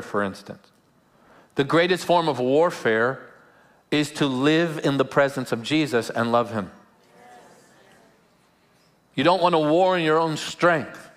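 A man's voice: a little high, normal speed, long pauses. A man preaches in church with a slightly raised voice. His delivery is earnest and searching, often repeating a word before landing the point. Light humorous asides break up the sermon. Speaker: pastor. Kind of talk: live sermon. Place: church service before a congregation.

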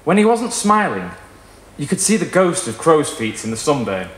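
A man reading a short story aloud at a live event, in an expressive storytelling manner. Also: a little high, moderate pace. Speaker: reader. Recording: echoey room at a live reading.

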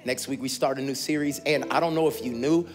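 A man pastor addressing his congregation live in a large church sanctuary, energetic and playful, shouting out to the crowd. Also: mid-range voice, fairly quick. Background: worship music.

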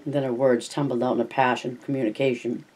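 A reader telling a novel aloud in a steady, plain narrating voice, breaking off now and then for short asides. A close, dry reading with nothing behind it. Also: medium pitch, fast talker.

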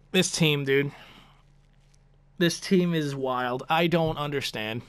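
A man's voice: on the high side, a bit bright, smooth, no room sound. A young man commentating his video game play, frustrated and profane, ranting about his team. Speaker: gaming commentator.

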